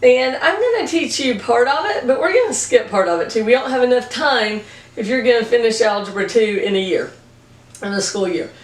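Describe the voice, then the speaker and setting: A woman's voice: a little high, recorded from a distance. A woman math teacher giving a recorded video lesson, chatty and plain-spoken with jokey asides. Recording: echoey room, voice from off-mic.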